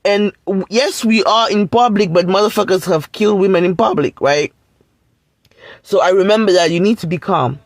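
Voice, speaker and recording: A woman's voice: medium pitch, normal speed. A woman recounts a personal story in a casual vlog, blunt and emphatic, swearing freely as she drives her point home. Her voice is recorded close and dry, with no echo around it.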